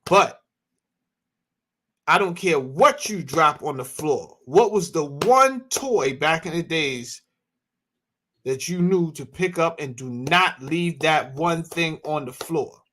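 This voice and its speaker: A man in his thirties talks at an unhurried pace in a bright, slightly high voice that swings widely in pitch. He hosts a casual chat, spinning loose stories and tossing questions back to his listeners. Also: animated, slight background noise. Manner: loose storytelling with audience banter. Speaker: host.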